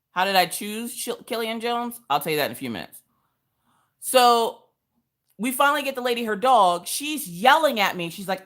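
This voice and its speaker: Animated, sassy woman telling a story. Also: mid-range voice. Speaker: craft livestream host. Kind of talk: casual storytelling chat.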